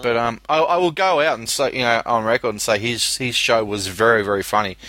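A man's voice: medium pitch, a little fast, bright, forceful tone, no echo. An Australian man co-hosting a casual chat, blunt and profane, often laughing.

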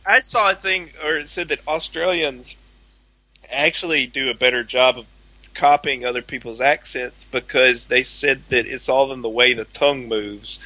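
A man's voice: mid-range voice, moderate pace, pushed and bright, no echo, rough recording. A man in a casual chat who is playful and jokes a lot. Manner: playful, jokey, laughing.

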